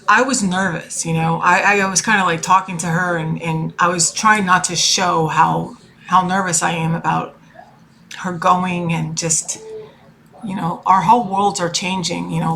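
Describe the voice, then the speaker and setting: A woman's voice: fairly low pitch, gravelly, fairly bright tone. Emotional, rambling middle-aged woman. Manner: emotional, rambling, full of fillers and restarts. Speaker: tarot reader and life coach. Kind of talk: personal vlog monologue.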